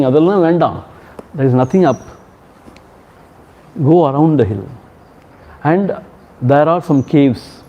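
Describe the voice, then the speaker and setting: A man with an Indian accent gives a devotional discourse as a swami. He chants verses and repeats key phrases with emphasis, chuckling between points. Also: medium pitch. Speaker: swami giving a spiritual discourse. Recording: dull lo-fi recording.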